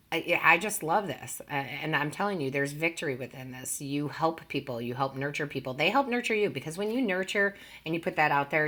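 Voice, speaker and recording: Woman w a low voice doing a tarot reading, earnest, gushy, kinda stumbles over her words. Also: fairly bright tone. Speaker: tarot reader. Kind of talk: casual tarot reading to viewers.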